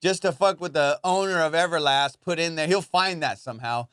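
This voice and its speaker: A man hosting a podcast, telling stories in a casual, profane, animated way and acting out his friends' lines. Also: fairly high pitch, fairly quick, clean tone, no room sound, studio quality. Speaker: podcast host. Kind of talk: casual storytelling chat.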